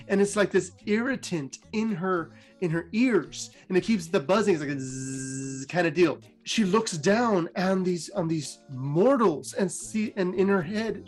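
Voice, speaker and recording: Chatty guy telling game lore, fairly high voice, faint music behind. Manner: chatty, many fillers, animated pitch jumps. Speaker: lore storyteller. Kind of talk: casual lore retelling.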